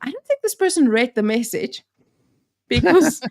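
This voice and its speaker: A woman from South Africa with an Afrikaans accent, her voice sitting a little on the high side. She co-hosts a relaxed chat, telling stories full of laughs and quoted asides. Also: normal speed. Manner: giggly storytelling with quoted asides. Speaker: co-host. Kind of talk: casual chat.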